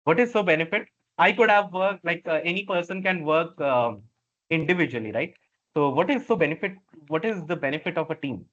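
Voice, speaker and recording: A male instructor with an Indian English accent giving a classroom lecture, halting and repetitive, checking in with "right?" after nearly every phrase. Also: on the high side, lively intonation, fairly bright tone, dull audio.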